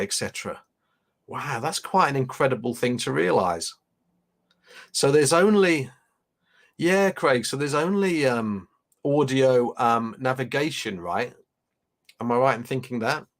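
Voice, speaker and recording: A man hosting a casual live unboxing stream, chatting loosely and reading viewer comments aloud. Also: medium pitch. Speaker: livestream host.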